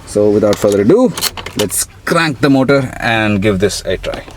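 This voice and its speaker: A man's voice: fairly low pitch, expressive, moderate pace. A young man gives a casual, upbeat car review, talking straight to viewers as he walks around a showroom and a lot outside. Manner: chatty, upbeat, addresses viewers as guys. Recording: noisy street and car ambience.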